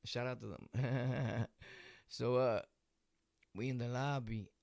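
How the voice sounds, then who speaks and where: A man's voice: medium pitch, fairly even intonation, slow pace, creaky, darkish tone, no echo, clean studio sound. A man with a Brooklyn accent casually telling a street story, full of slang and laughing asides. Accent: New York, Brooklyn. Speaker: vlog host.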